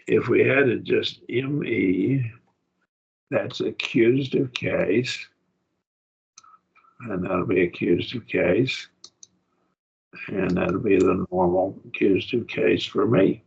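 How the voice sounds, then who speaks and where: Male teacher, low husky voice, patient classroom explainer, lo-fi recording. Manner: patient, explaining step by step with frequent checks. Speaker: Greek grammar teacher. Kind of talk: classroom lesson.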